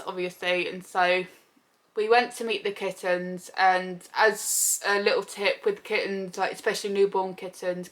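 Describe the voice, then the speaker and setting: Chatty young woman vlogger. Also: lowish voice. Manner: chatty, animated retelling with quoted voices. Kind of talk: casual storytelling.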